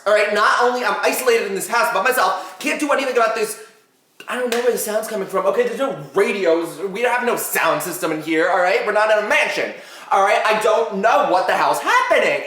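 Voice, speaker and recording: A teenage boy vlogger telling a story to camera in a dramatic, excitable way, swearing casually and often asking "right?". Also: high voice, roomy sound.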